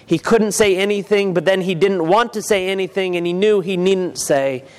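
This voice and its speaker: Storytelling reader, male, high-pitched, long reverb: slow, deliberate, dramatic pauses. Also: clear, resonant tone. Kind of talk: reading a novel excerpt aloud.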